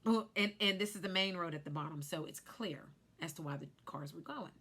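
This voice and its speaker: A woman in her thirties, a life insurance agent, telling a personal story in an animated way on a vlog. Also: fairly low pitch, fairly quick, breathy edge. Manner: animated storyteller who acts out quotes.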